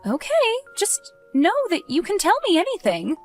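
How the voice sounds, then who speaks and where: A woman voicing a caring mother who gently coaxes and worries over her teenage son. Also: very high-pitched, sing-song, moderate pace, faint music behind, exaggerated voice. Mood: concerned. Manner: gentle, coaxing, concerned.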